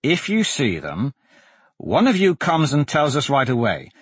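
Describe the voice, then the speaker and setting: A man's voice: medium pitch, wildly swooping pitch, a little slow, breathy edge, no echo, voice pushed up, heavily acted. A man voicing a serious, irritable bookish young man in a storybook reading, with clipped lines. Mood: curt.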